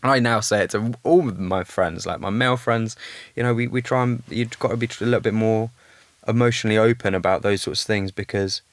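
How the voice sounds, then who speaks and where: Guy as podcast guest, earnest and reflective, lowish voice, dry close sound. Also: steady tone, brisk, no echo. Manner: reflective and earnest, thinking aloud. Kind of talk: candid podcast conversation.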